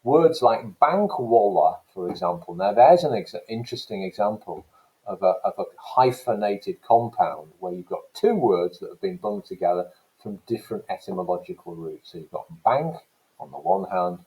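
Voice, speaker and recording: British male teacher, warm low voice, explanatory lecture delivery. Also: lively intonation, normal speed, poor audio. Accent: British English. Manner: explanatory, stressing key words, demonstrating pronunciation. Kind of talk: recorded lecture.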